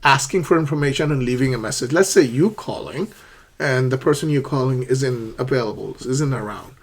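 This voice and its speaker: Husky-voiced man teaching English. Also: mid-range voice, a little fast. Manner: acts out both sides of phone calls, in a raised, brighter voice for the quoted lines. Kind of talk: spoken English lesson.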